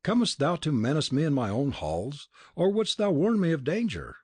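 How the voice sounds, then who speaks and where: A man's voice: on the high side, very animated, normal speed, a little mellow, husky, dry recording, pitched above the performer's own voice. A man voicing an arrogant Italian prince who speaks haughtily, impatiently and with scorn. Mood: scornful. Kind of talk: audiobook character reading.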